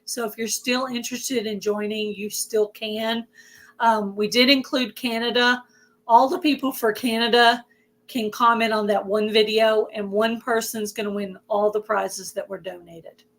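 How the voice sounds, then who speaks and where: A woman with a Southern US accent hosts a casual livestream chat, her hoarse voice pitched a little high and holding a steady tone. She talks a bit slowly, chatting away and greeting viewers by name.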